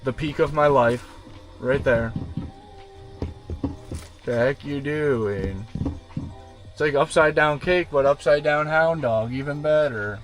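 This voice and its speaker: A man's voice: on the high side, slow pace, long pauses. Laid-back young guy streaming with music on. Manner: laid-back slangy, talks to his dog. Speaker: gaming livestreamer. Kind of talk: casual livestream chat. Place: inside a van. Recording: music playing behind.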